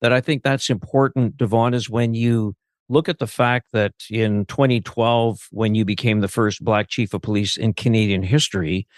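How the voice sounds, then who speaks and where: A man hosting an interview, asking measured, reflective questions. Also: fairly low pitch, fairly even intonation, no room sound, clean studio sound. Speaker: interviewer host.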